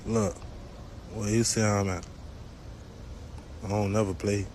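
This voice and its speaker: Man, defiant profane rant, lowish voice, faint noise behind. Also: level tone, slow, darkish tone. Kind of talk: casual phone video rant.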